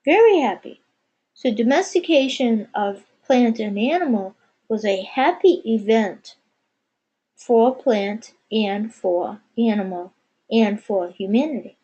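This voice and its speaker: A woman channeling spiritual teachings, speaking of herself as "we". Her voice sits a little high, yet its tone is mellow and dark. She talks very slowly, with long pauses between short phrases. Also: slightly rough, lo-fi sound. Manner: measured, pausing often, speaks as "we". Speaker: channeler answering questions. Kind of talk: slow meditative spiritual channeling.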